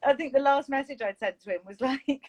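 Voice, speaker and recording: A woman's voice: high-pitched, fairly quick, a little mellow. A woman co-hosting a podcast in casual, rambling, self-mocking chat. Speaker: podcast co-host.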